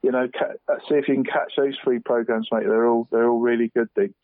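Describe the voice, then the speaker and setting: A man's voice: medium pitch, steady tone, a little fast, dry recording. Chatty man on a tinny phone line. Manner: rambling, says "mate" constantly. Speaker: football pundit guest. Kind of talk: casual radio chat.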